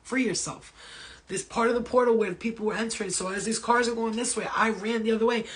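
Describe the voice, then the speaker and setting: A woman's voice: on the high side, fairly even intonation, quick pace. A woman healer answering viewer questions in a casual spiritual talk, blunt and profane, telling stories.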